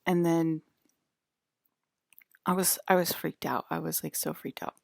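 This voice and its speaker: A woman's voice: sits low, fairly even intonation, unhurried, creaky, dry recording, studio quality. A young woman vlogger telling a long personal story in a rambling, casual way, swearing and laughing as she goes. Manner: rambling, full of fillers and swearing, laughing often.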